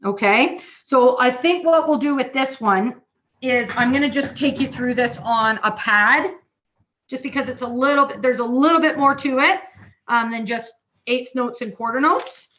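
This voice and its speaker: A woman with a bright, somewhat high voice leads a drumming lesson. She explains each rhythm patiently and counts it out aloud. The recording sounds dull and lo-fi. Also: moderate pace, slight background noise. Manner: patient, explanatory, checks in with "okay?". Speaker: bass drum instructor.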